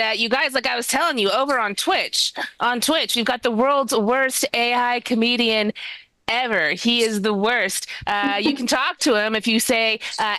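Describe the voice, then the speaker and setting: Bright upbeat woman hosting a comedy show. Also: fairly high pitch, clear, resonant tone, no echo, rough recording. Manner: upbeat, chatty, reads out donations. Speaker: show host. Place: comedy club.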